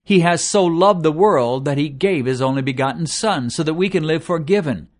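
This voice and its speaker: A man preaching a sermon, earnest and measured. His voice sits a little higher than most men's, and he slows right down to lean on each word in a list. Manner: measured, earnest preaching with slowed emphatic lists.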